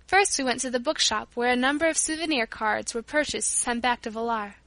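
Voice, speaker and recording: A woman narrating a storybook as an audiobook, reading in a clear, expressive way. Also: fairly high pitch, brisk, no room sound.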